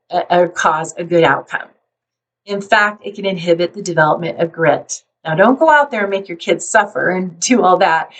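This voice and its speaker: A woman psychologist calmly explaining parenting and resilience, now and then acting out a worried parent. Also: medium pitch, recorded from a distance, rough recording. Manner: calm, explanatory, acts out worried parents in quick asides. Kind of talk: talking to camera about parenting.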